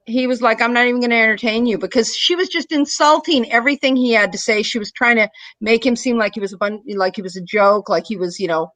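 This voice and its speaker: A woman with a fairly high voice chats casually, retelling stories with animated energy. The sound is dry and close, with little room around her. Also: a little fast, few pauses, no echo. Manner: animated storytelling, acting out quotes. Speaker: show panelist. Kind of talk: casual political chat.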